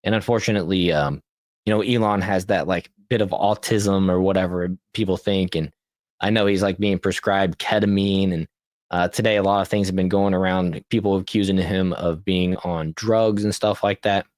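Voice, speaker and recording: A low-voiced man hosts a podcast in a loose, chatty way, reading posts aloud and often laughing at them. He trips over words and starts lines over, with a dry, close sound and little room around him. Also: steady tone, moderate pace, a little mellow, no room sound. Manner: laughs often, restarts and corrects his reading. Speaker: podcast host. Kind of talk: casual political commentary, reading posts aloud.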